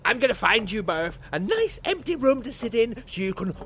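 A man's voice: very high voice, big pitch swings, moderate pace, fairly bright tone, slightly rough, exaggerated voice. A man voicing a haughty, scornful aristocrat in a comedy audio drama. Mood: sneering. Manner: sneering, haughty. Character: snooty, scornful aristocrat relative.

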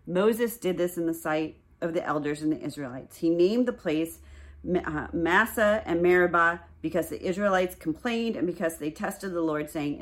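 A woman's voice: lowish voice, moderate pace. A woman in her forties teaching a casual Bible study, chatting and reading scripture aloud.

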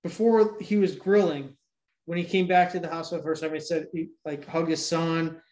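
A man with a fairly high voice tells a movie's plot in loose, rambling chat, full of swearing. He keeps losing his place and jumping back to earlier scenes. The room around him sounds roomy and echoey. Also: steady tone, moderate pace, a little mellow. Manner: rambling, profane, jumps back and forth. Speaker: podcast co-host recapping a movie. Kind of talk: casual chat.

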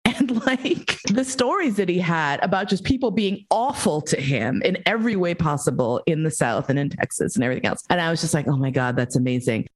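Low-voiced woman host, blunt and animated. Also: brisk, hardly any pauses. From New York. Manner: animated, blunt, swears freely, tells stories. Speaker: podcast host. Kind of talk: candid conversational chat.

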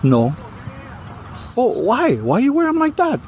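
A shrill, nosy local woman fires off pointed, teasing questions in a high, squeaky voice, as a male storyteller puts her on. Her voice climbs sharply above his own. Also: wildly swooping pitch, a little slow, a little mellow, slight background noise, heavily acted.

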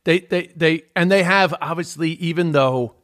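Irish man in his forties, fairly high voice, rambling emphatic talker with fillers. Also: normal speed, a bit bright. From Ireland. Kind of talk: casual chat.

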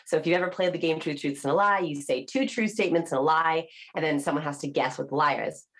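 Low-voiced woman explaining with animated emphasis. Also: fast. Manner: animated explainer, acts out quoted voices with rising inflection. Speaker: author and body language researcher. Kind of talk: podcast interview.

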